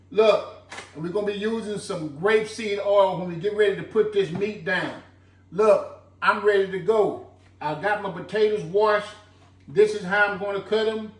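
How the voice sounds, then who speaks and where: A fairly high-voiced man talks unhurriedly through a homemade stew recipe, peppering his talk with "look." He sounds a little distant from the mic, in an echoey home kitchen with a faint hum behind him. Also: fairly bright tone. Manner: folksy, chatty, fond of saying "look". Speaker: home cooking channel host. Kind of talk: casual cooking demonstration.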